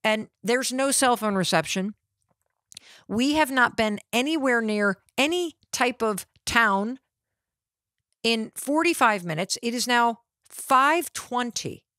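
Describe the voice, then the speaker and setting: A middle-aged woman hosting a podcast, telling a personal story in an animated, dramatic way. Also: on the high side, slow pace, dry recording, studio quality. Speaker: podcast host.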